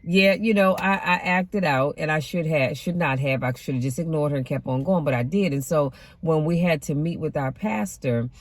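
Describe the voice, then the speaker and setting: A woman's voice: low-pitched, normal speed, few pauses, no room sound. A middle-aged woman giving a casual motivational talk from inside a car, emphatic and conversational with a sassy, preacher-like edge. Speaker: deacon and motivational vlogger.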